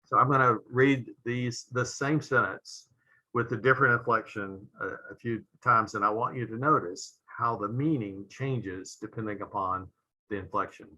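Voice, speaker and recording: Bright-voiced man giving a medical lecture. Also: mid-range voice, steady tone, low-quality recording. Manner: measured, frequent "uh" fillers, trailing off at phrase ends. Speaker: pediatric intensivist lecturer.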